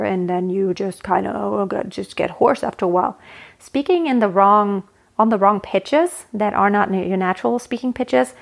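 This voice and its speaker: A woman's voice: medium pitch, gravelly. A woman voice coach talking through a solo podcast episode, chatty and explanatory, often restarting mid-phrase.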